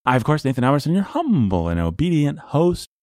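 A man's voice: a little fast, no echo, studio quality. Goofy, bouncy man hosting a podcast. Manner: goofy, jumps from high excited bursts to deep low voices. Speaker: podcast host. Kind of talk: playful casual chat.

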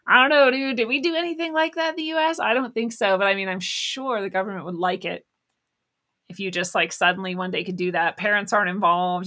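A woman's voice: medium pitch, sharp tone. A woman hosting a casual news commentary monologue, sarcastic and profane, laughing often. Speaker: host.

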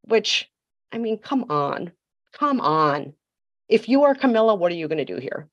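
A woman's voice: mid-range voice, very animated, normal speed, no echo, muffled recording. A woman telling a story as a podcast guest, emphatic and sassy, with mocking asides. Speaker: podcast guest, royal commentator. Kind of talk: storytelling chat.

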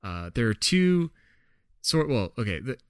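A man's voice: medium pitch, very animated, a little slow, no room sound, studio quality. A man co-hosting a podcast in casual chat. He laughs often and fills his talk with "uh" and "like". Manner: chatty, laughs often, many fillers. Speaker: podcast co-host.

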